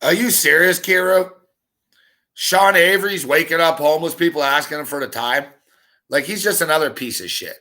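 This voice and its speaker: A man in a fired-up solo rant. He swears constantly and throws out one rhetorical question after another. His voice sits a little high for a man. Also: normal speed, sharp tone. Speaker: sports talk show host. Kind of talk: profane ranting monologue.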